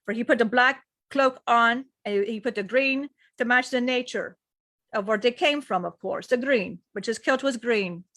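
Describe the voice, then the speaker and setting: A woman's voice: fairly high pitch, normal speed, fairly bright tone, dry recording. Earnest woman telling a spiritual tale. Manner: earnest, rambling retelling with frequent "he said". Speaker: spiritual teacher and channeler. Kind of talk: channeled spiritual storytelling.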